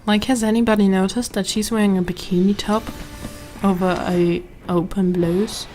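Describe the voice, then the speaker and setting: A woman's voice: medium pitch, fairly even intonation, normal speed, darkish tone. A woman hosting a let's play, talking casually over her gameplay in chatty, rambling asides that she often restarts. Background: game music and sound.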